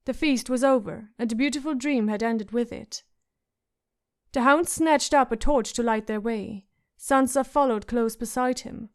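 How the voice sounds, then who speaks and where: A woman narrating a fantasy audiobook in a measured, even storytelling manner. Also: on the high side. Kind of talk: scripted narration.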